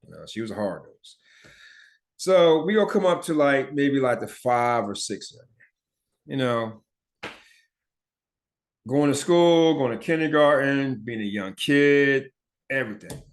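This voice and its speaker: Guy from philly telling his life story on his podcast, mid-pitched voice, swears a lot, stutters a little here and there. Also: lively intonation, unhurried, long pauses. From Philadelphia. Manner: stutters and mumbles now and then; blunt and profane, chatty asides to listeners. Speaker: podcast host. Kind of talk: casual personal storytelling.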